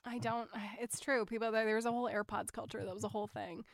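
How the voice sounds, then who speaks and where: A woman's voice: a little high, fairly even intonation, quick pace, no echo, clean studio sound. A woman co-hosting a casual TV recap podcast, talking frankly, swearing casually and laughing often. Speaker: podcast co-host.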